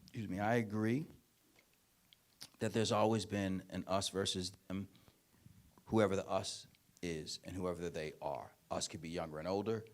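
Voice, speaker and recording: A man giving a keynote speech and answering audience questions, telling stories with emphatic, repeated phrasing. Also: low voice. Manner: animated storytelling, acts out parents and children in quick voices; emphatic, repetitive rhetorical phrasing. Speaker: keynote speaker.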